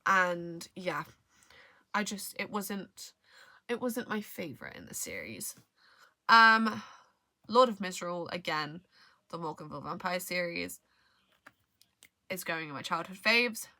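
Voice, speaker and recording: Young female book vlogger, casual and rambling, bright voice, dry close sound. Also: lowish voice, big pitch swings, unhurried, long pauses, no echo. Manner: rambling, trails off, hesitant restarts. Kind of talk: casual book review chat.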